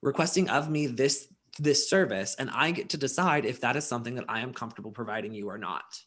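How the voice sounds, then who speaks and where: A man's voice: mid-range voice, fast, fairly bright tone. A man from rural Alabama with a light Southern accent, making his points emphatically in casual chat. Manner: emphatic, outspoken. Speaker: content creator on a livestream.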